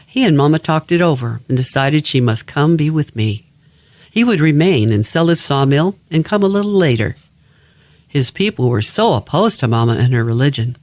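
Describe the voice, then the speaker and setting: A man's voice: medium pitch, no echo. Man reading a memoir, dry sound. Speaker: reader of a family memoir.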